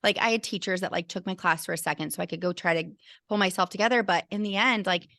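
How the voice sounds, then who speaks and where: Quick-paced and forceful, this middle-aged woman's lowish, bright voice carries an earnest, emotional personal story she tells as an interview guest; she is a teacher and burnout coach. She restarts her sentences often, and the recording is dry.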